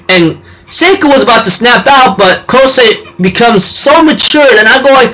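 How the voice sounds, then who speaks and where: A man's voice: sits high, normal speed, sharp tone, rough recording. A man casually recapping an anime episode, rambling with many fillers and restarts. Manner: rambling, filler-heavy, self-correcting. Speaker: anime reviewer.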